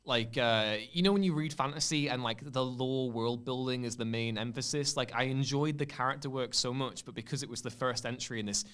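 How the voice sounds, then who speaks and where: Animated young man, smooth clear voice. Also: mid-range voice, a little fast, few pauses. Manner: animated storyteller who acts out scenes. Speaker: podcast co-host. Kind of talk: casual chat.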